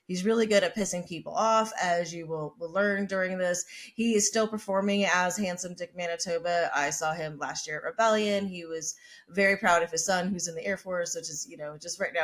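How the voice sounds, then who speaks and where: A woman with a fairly low, somewhat bright voice hosts a podcast and tells a story. Her casual storytelling is brash, chatty, and profane.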